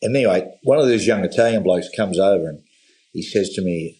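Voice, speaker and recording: A man's voice: deep voice, fairly quick, low-quality recording. A middle-aged man, a podcast guest telling stories in casual chat and acting out the voices in his anecdotes. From Australia. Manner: animated storyteller, acts out voices in anecdotes.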